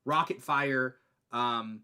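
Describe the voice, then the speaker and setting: A man hosting a casual comics chat, excitable and opinionated, swearing now and then. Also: mid-range voice, slow, clean tone. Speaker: host.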